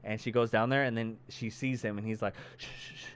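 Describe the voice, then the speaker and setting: A man's voice: on the low side, fast talker, a little hiss or hum. A man co-hosting a podcast, casually retelling a movie plot and acting out the characters' lines. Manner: animated storyteller acting out characters, heavy cursing. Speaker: podcast co-host.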